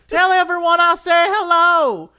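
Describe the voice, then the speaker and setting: A woman's voice: very high voice, steady tone, normal speed, bright, forceful tone, voice pushed up. A man voicing a sweet, bewildered old Southern woman who talks in a plaintive, quavering way. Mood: confused.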